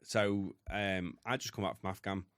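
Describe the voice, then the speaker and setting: A man's voice: deep voice, moderate pace, a bit bright, no echo, studio quality. A British man in his thirties, a podcast guest, telling his story bluntly and with heavy swearing. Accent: British English. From United Kingdom. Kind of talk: candid storytelling.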